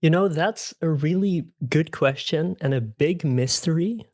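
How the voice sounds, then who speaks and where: A man's voice: a little high, unhurried, a little mellow, no room sound, clean studio sound. Chatty young man, rambling podcast guest. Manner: chatty, rambling with many fillers. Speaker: returning guest host. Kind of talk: casual podcast chat.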